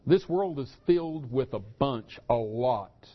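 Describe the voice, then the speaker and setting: A pastor preaching a sermon, acting out the story's characters with rising and falling intensity. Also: male voice, mid-range voice, animated, slow, husky, dull audio.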